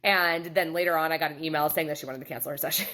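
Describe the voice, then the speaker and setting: Woman, middle-aged, slightly low voice, animated storytelling vlog. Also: fast. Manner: animated storytelling, acting out quotes. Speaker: photographer and studio owner.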